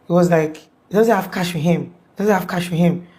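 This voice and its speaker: A woman's voice: fairly low pitch, a little mellow. A woman, telling what she witnessed in a rambling, conversational way with many restarts. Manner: fast, breathless storytelling with many restarts and quoted dialogue. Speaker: eyewitness storyteller. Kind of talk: conversational retelling of events.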